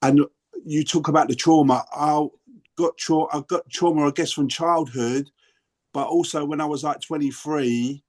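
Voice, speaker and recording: A man's voice: a little high, fairly even intonation, normal speed, darkish tone. A man in his sixties speaks with a London accent. He is sharing his story at a recovery workshop. He talks in a meandering, earnest way, often breaking off and restarting his sentences. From England. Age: 60s. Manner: rambling, self-interrupting, earnest. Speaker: workshop participant. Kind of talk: casual sharing on a video call.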